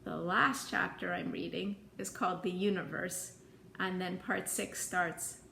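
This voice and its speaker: A woman reading a novel aloud in plain, even storytelling. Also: fairly low pitch, measured pace, vocal fry, reverberant, a little hiss or hum. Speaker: audiobook reader.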